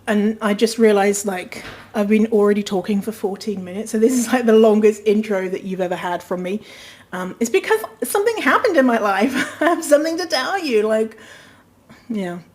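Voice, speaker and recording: Woman podcast host, casual rambling chat, fillers and swearing, mid-pitched voice. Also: normal speed, a little mellow. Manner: chatty, rambling, swears freely, frequent fillers. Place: rented apartment during quarantine.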